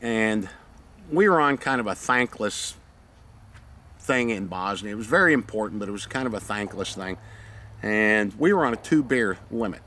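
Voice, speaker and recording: Profane animated retired SEAL storyteller. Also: male voice, lowish voice, moderate pace. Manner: profane, animated, acts out the scenes. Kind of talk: casual anecdote telling.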